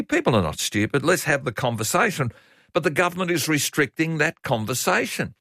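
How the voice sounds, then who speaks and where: A man's voice: on the high side, expressive, a little fast, creaky, sharp tone, no echo, studio quality. An older Australian man hosting talkback radio, chatty and opinionated, reading out listener messages.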